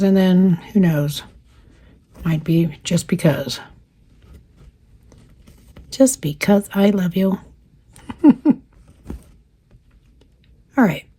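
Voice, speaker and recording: A woman in her fifties with a slightly worn voice, hosting a casual craft chat, reading viewer comments aloud and laughing often. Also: mid-range voice. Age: 50s. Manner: chatty and warm, laughs often. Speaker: craft channel host.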